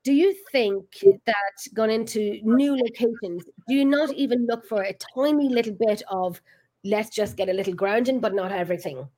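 A woman's voice: on the high side, moderate pace, dark tone. An Irish woman hosting a casual live-stream round table, chatting and reading out viewer comments. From Ireland. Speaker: host.

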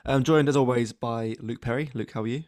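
Male podcast host, easygoing and wry, dry close-miked sound, mid pitch. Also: a little fast, a little mellow, no echo. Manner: easygoing, wry, a few stumbles. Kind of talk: casual podcast chat.

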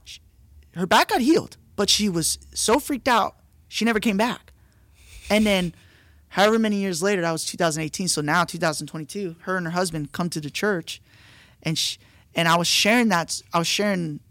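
Man, pastor, casual podcast storytelling, animated, fairly high pitch, dry close-mic sound. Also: dry recording. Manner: animated, repeats words and restarts, says dude and bro.

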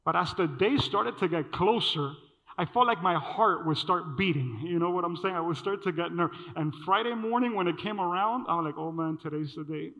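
A man preaching a sermon, telling a personal story in an animated way and acting out the dialogue. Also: high-pitched, normal speed. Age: adult. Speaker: pastor. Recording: dull sound with long hall reverb.

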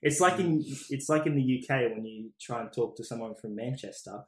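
A man's voice: medium pitch, fairly quick. A man hosting a podcast who laughs often and coaches friends on French phrases. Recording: roomy echo.

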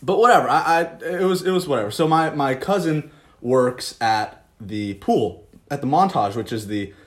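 A young man co-hosting a casual podcast, excitable and quick to laugh, with casual swearing. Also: mid-range voice. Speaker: podcast co-host. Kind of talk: casual chat.

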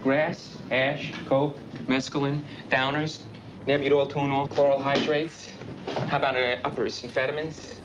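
An actor playing a smooth-talking middle-aged male gun dealer who keeps up a steady stream of sales patter. The sound is a dull, muffled film clip with clear traffic noise behind it. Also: mid-range voice, unhurried, natural voice. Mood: pushy salesmanship. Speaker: film character.

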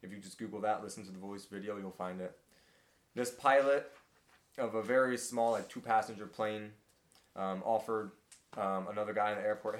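A man leading a casual Bible study discussion, talking in a halting way with many fillers and restarts. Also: lowish voice, roomy sound. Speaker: group study leader.

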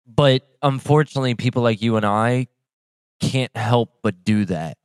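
A man's voice: medium pitch, moderate pace, smooth, no echo, studio quality. A man in casual podcast chat, laid-back and profane, mostly agreeing with his co-host.

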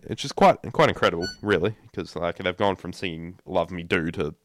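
A man's voice: sits low, a little fast, a bit bright, no room sound. A young man co-hosting a casual podcast, often repeating his words as he starts sentences. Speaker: podcast co-host.

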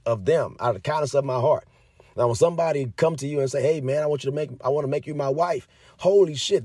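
A man's voice: medium pitch, darkish tone, slightly rough, no room sound, studio quality. A young man ranting heatedly to his viewers, cursing heavily and repeating himself as he gets worked up. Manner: heavy cursing, fired up, repetitive. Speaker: commentator. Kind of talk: heated casual rant to viewers.

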